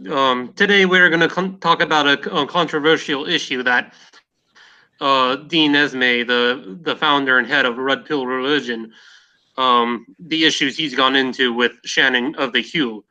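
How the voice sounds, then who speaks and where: A man's voice: mid-range voice, moderate pace, sharp tone, poor audio. A man hosting a casual podcast discussion, talking hesitantly with many fillers and restarts. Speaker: podcast host.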